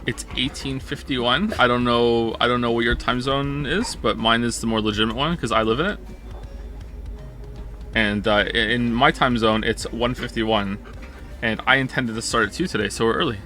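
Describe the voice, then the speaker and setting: Brief: male streamer, bright forceful tone, jokey, restarts a lot, faint music under him. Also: mid-range voice, normal speed. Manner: rambling, self-correcting, jokey. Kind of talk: casual stream chat.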